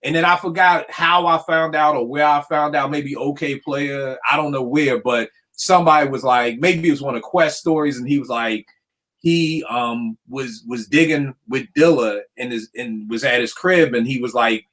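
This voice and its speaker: A man hosting a casual talk about hip hop beats, a producer telling stories in lively slang. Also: medium pitch, moderate pace. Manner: animated storytelling with slang. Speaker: podcast host. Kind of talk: casual chat.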